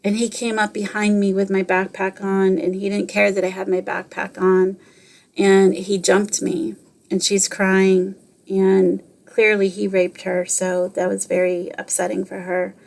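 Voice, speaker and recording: A woman's voice: mid-range voice, monotone, a little slow, vocal fry, a little mellow. A middle-aged woman hosting a podcast, telling a personal story and giving motivational advice in an earnest way. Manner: earnest, repeats phrases, quotes others in her own voice. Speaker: podcast host.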